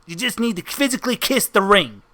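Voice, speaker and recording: A man's voice: high voice, lively intonation, a little fast, bright, forceful tone, voice pushed up. A man putting on a pushy mobster henchman. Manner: tough-guy street talk, calls everyone son. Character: brash male mobster henchman, pushy and theatrical.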